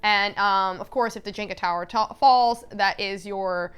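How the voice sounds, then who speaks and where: A woman vlogger chatting casually and recapping a story in an animated way. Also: mid-range voice, unhurried, clean tone. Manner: animated, chatty, full of fillers and laughs.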